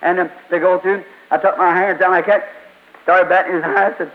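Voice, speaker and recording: A high-pitched man preaching with fervent, rhythmic emphasis, pressing each point home to the congregation. The sound comes from a dull, lo-fi old sermon tape. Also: steady tone, fairly quick. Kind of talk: revival sermon and testimony.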